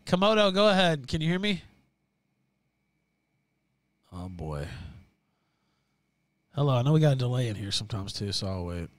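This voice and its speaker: A man's voice: medium pitch, big pitch swings, brisk, dry recording. A man hosting a call-in stream, casually taking callers and helping them fix their audio. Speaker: host.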